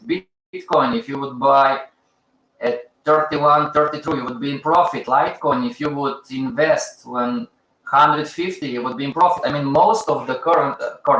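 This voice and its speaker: A man's voice: a little high, pushed and bright, reverberant, highs cut off. A man with as a hosting a live teaching session, talking to his audience in short, emphatic, repeated phrases and chiding them. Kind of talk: casual live-stream teaching.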